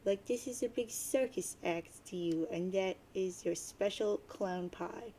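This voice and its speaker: A woman's voice: mid-range voice, measured pace, dark tone, slight background noise, natural voice. A woman reading the lines of a mopey, sarcastic teenage boy who sees himself as a prophet of doom, in a dramatic webcomic reading. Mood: irritated. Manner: grumbly, sarcastic, self-pitying.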